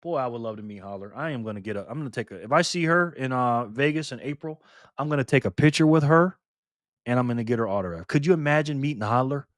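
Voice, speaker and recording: A man hosting a casual live stream, reading comments aloud and answering viewers by name in a lively, playful way with lots of laughs and slang. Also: medium pitch, quick pace, no room sound, clean studio sound. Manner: mixes slang and internet abbreviations into speech.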